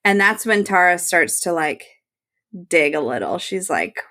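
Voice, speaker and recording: A woman co-hosting a podcast, recapping a TV episode in casual chat, animated and laughing often. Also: lowish voice, unhurried. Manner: animated, laughs often, reads out her notes. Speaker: podcast co-host.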